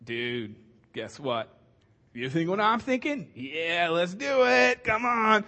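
A pastor putting on a slangy surfer dude. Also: male voice, high voice, very animated, slow pace, sharp tone, long reverb tail, full character voice. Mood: scheming. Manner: slangy, drawling surfer talk. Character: laid-back young male surfer dude friend. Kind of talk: sermon storytelling.

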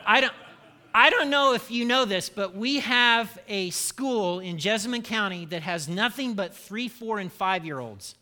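A middle-aged man delivers a sermon through candid, self-deprecating stories. His voice sits high for a man, with a very bright, forceful, sharp edge. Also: animated, measured pace. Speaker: pastor.

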